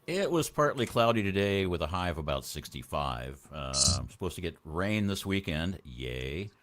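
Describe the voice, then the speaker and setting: Dry, sarcastic low-voiced man. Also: very animated, normal speed. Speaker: guest. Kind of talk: casual talk show banter.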